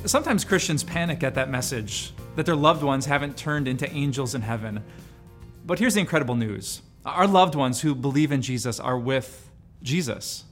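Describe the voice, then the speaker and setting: Pastor host speaking over soft music. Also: male voice, mid-range voice, animated, normal speed. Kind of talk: scripted devotional talk and appeal.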